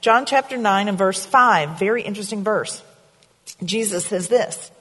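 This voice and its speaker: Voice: mid-range voice, moderate pace, bright, forceful tone, husky. Conversational preacher in a reverberant hall. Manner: conversational preaching, asks the congregation questions. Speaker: pastor. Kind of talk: sermon.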